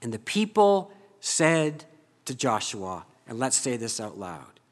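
A man preaching a sermon, reading scripture aloud and leading the congregation in spoken responses, rising loud on key phrases. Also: mid-range voice, big pitch swings, slow pace. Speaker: pastor. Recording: reverberant church hall.

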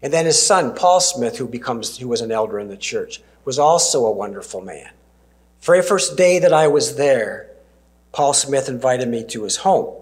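A Canadian man with a mid-range voice preaches a sermon, telling stories earnestly and slowing down to a near-whisper for emphasis.

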